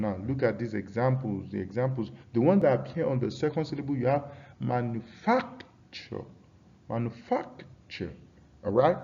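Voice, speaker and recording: A man with a Nigerian English accent who teaches a pronunciation lesson, reading rules from slides, saying example words slowly over and over, and asking his students questions. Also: medium pitch, mellow. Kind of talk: classroom lesson. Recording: dull lo-fi sound.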